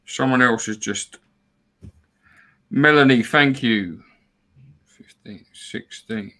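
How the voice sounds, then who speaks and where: A man's voice: mid-range voice, slow pace, sharp tone. Chatty football fan man. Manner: chatty, repeats words, reads out donors. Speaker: fan show co-host. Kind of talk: casual football fan chat.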